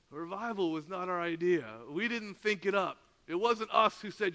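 Man, sermon storytelling, animated, high voice, reverberant church hall. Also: measured pace. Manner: animated storytelling, laughing often, acting out dialogue. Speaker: preacher.

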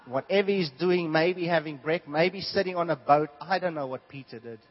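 Animated man preaching a sermon. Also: fairly high pitch, moderate pace. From South Africa. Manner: animated storytelling, swings from hushed to loud. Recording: dull lo-fi sound.

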